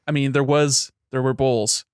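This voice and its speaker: A man's voice: mid-range voice, fairly even intonation, measured pace, smooth, no echo, clean studio sound. A man co-hosting a casual gaming podcast, chiming in with wry jokes. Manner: wry, joking asides. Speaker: podcast co-host.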